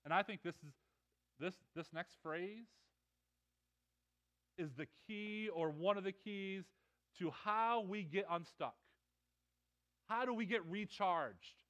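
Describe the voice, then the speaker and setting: A man preaching a sermon, animated and often repeating his words, his voice swelling and dropping. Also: high-pitched, takes it slowly, long pauses. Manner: animated, stammering repetitions, voice swells and drops. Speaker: pastor.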